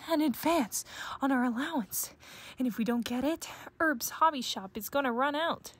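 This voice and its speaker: A woman voicing an excited young girl bear cub in a children's read-aloud, breathless and pleading. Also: fairly high pitch, brisk.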